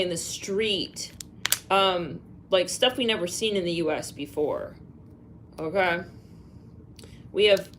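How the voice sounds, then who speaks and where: A woman's voice: on the low side, background noise. A woman doing a live psychic reading, musing aloud, spelling out letters and names, with sighs and fillers. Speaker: psychic reader.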